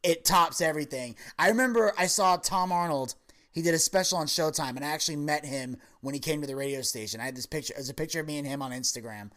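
A podcast host with a fairly high voice talks quickly as he tells a long story in casual conversation. He's an animated storyteller, acting out the quoted lines himself.

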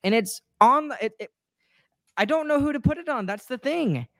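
A woman's voice: high voice, lively intonation, normal speed, fairly bright tone, no echo, studio quality. A woman co-hosting a sports talk show, venting her frustration in a rambling, emotional way with many restarts and apologies. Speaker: sports podcast co-host. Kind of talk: casual chat.

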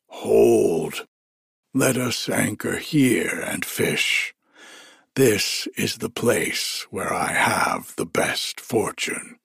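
A man's voice: fairly low pitch, very slow, vocal fry, a bit bright, breathy edge, no room sound, clean studio sound, voice pushed down, heavily acted. A man voicing a boastful but fearful male giant fisherman in a storybook reading. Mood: proud. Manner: proud, then roaring in alarm.

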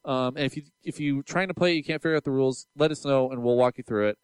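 A man's voice: mid-range voice, fast, smooth, no echo. A man co-hosting a podcast, chatting enthusiastically and rambling with plenty of fillers and restarts. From Seattle area. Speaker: podcast co-host. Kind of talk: casual podcast chat.

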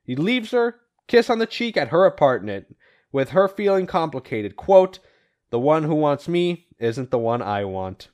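A man co-hosting a podcast, casually retelling comic book issues with animated voiced quotes and the odd swear. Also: fairly high pitch, measured pace. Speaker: podcast co-host recapping comics. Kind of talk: casual comic recap chat.

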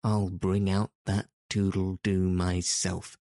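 A man reading aloud gives voice to a cruel pirate captain who threatens in a soft, purring, courteous tone. The voice is deep and dark, and it moves slowly in a flat, even line. He reads it in a dry, close room. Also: no room sound. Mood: silky menace. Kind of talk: audiobook reading.

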